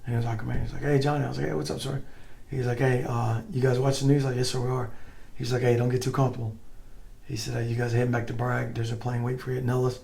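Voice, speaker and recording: A middle-aged man, a former soldier, telling stories in a casual interview, animated and acting out what others said. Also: mid-range voice, quick pace, gravelly. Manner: animated, acts out quoted voices, swears casually. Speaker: guest, former Green Beret.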